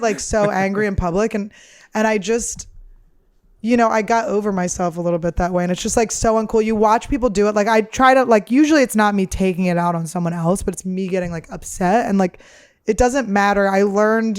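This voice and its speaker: A woman's voice: medium pitch, fast, smooth. A woman comedian hosting her podcast, telling candid, profane stories in a rambling, casual chat. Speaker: podcast host and stand-up comedian.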